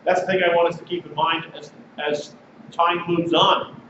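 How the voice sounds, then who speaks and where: Male pastor, high voice, conversational sermon, heard from a distance in a noisy, muffled recording. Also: little pitch movement, normal speed. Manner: conversational preaching, reads passages aloud. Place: congregation sanctuary. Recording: distant mic, echoey sanctuary, dull and noisy.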